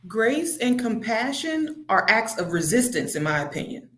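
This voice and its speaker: A woman's voice: on the high side, very animated, normal speed, fairly bright tone, echoey room. A woman speaking earnestly and reflectively on a church panel discussion.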